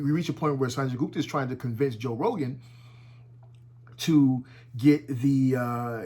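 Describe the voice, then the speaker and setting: A man giving casual, animated commentary at home, talking with heavy profanity and frequent restarts. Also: mid-range voice. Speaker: commentary vlogger. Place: at home with his dog nearby.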